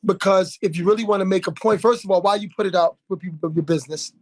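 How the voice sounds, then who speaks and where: Man, podcast talker: higher pitch, animated, indignant storyteller. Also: quick pace. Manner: animated storyteller, indignant, many fillers and restarts. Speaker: podcast conversation partner. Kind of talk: casual podcast conversation.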